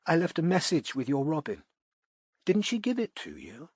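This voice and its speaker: A man reading an audiobook, voicing a slightly drunk, wistful aristocratic young mother in a soft, slow, dreamy voice. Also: on the high side, wildly swooping pitch, husky, no room sound, clean studio sound, voice pushed up, exaggerated voice. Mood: tipsy dreamy.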